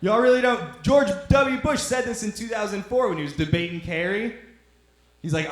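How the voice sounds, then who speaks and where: A young man doing stand-up in a club, his voice a touch higher than usual. He rambles and teases the crowd in a loose drawl, and the room gives his mic a clear echo. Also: normal speed. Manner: rambling, teasing the audience, drawling. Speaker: stand-up comedian. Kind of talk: stand-up comedy set. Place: comedy club stage.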